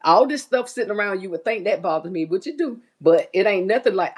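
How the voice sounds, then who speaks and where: A woman's voice: mid-range voice, expressive, a little fast, darkish tone, slightly rough. Chatty woman livestreaming while she works. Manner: chatty, reads viewer comments aloud, folksy Southern US speech. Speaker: livestream host. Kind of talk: casual livestream chat.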